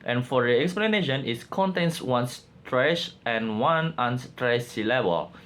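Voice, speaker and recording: A man presenting a class project, reading out his slides haltingly with frequent pauses and fillers. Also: mid-range voice, animated, fairly bright tone. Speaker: student presenter.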